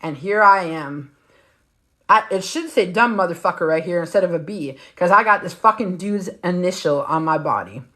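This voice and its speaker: A woman's voice: on the low side, animated, normal speed, fairly bright tone. A middle-aged woman hosting a livestream, telling a story in a casual, emphatic way full of profanity. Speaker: livestream host.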